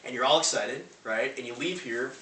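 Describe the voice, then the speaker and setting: In a pushed, bright, mid-range voice at normal speed, a young network marketing presenter delivers a brash motivational sales talk to a live crowd, firing off rhetorical questions. The recording is distant and roomy, made in a large room of a house, with a faint hiss.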